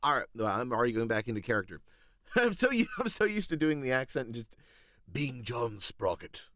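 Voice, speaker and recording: A man's voice: medium pitch, big pitch swings, a little fast, a bit bright. A man chatting casually on a live stream from his home music studio, easygoing and self-deprecating.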